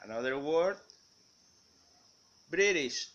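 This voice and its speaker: Male student presenter, Spanish native, slow measured delivery, slightly high bright tone. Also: expressive, muffled recording. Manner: reads word lists in measured steps. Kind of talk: slow reading of word examples.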